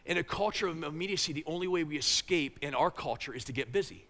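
Preacher, higher male voice, emphatic and conversational, long church reverb. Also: fast, hardly any pauses, sharp tone. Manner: conversational, emphatic, repeats phrases. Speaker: pastor. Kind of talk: sermon.

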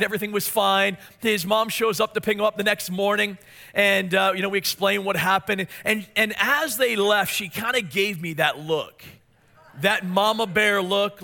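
A man's voice: high-pitched, normal speed, gravelly. A man in his forties preaching a sermon, telling family stories and asking his listeners questions. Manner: storytelling, animated, asks the congregation questions. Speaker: pastor.

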